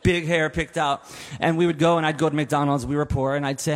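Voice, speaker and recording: A man's voice: a little high, flat delivery, fast talker. A man in his forties giving a funeral eulogy, telling stories with laughs and asides. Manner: warm storytelling with laughs and asides. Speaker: eulogy speaker. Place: chapel. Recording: long hall reverb in a chapel.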